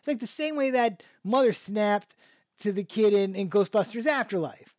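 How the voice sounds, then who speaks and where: In a high-pitched, expressive voice with a darkish tone and normal speed, this male podcast host rambles through a casual show review, restarting a lot and chuckling often. Clean studio sound with no room sound.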